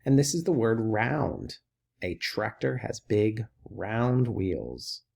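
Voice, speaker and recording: Gravelly-voiced male teacher, patient. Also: fairly low pitch, animated, darkish tone. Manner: patient, encouraging, repeats words slowly for children. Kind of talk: recorded classroom lesson.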